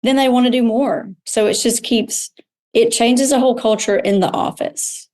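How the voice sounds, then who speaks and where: A woman's voice: fairly high pitch, moderate pace, darkish tone. A middle-aged woman, a medical spa owner, talking candidly as an interview guest and retelling her own experiences with frequent restarts. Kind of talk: conversational interview.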